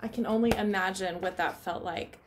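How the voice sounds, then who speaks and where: A woman teaching a children's Bible lesson from her home playroom, talking gently to the kids and asking them questions. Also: medium pitch, fairly even intonation, brisk, background noise.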